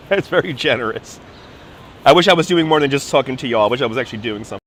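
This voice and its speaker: A man's voice: mid-range voice, animated, fairly quick, fairly bright tone, a little hiss or hum. A man chatting casually on a livestream as a tour guide, talking playfully into a phone held in his hand outdoors. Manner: chatty, playful, drifts into put-on accents. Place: outdoors in a city park.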